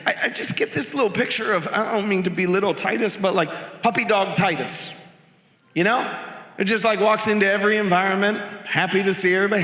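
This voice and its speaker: A man preaching a sermon as pastor, animated and jokey, acting out quotes from the passage. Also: high voice, fairly quick. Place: church sanctuary. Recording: echoey church hall.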